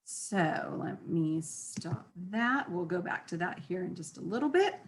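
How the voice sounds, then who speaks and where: A woman's voice: on the low side, animated, a little slow, slight background noise. A woman leading a class, teaching in a casual, chatty way and acting out sample phrases in different tones of voice. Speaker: class leader. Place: class session with participants.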